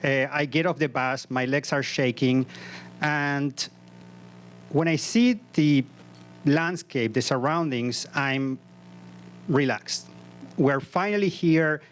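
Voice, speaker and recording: A man's voice: on the high side, takes it slowly, long pauses, a little hiss or hum. A man in his fifties performing a live comic story on a comedy club stage, with vivid, punchy narration into a stage microphone.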